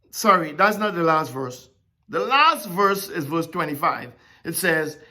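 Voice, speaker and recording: A Bible teacher giving a conversational sermon, animated and repeatedly checking in with listeners. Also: mid-range voice, takes it slowly. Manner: animated, keeps checking in with "okay?" and "right?".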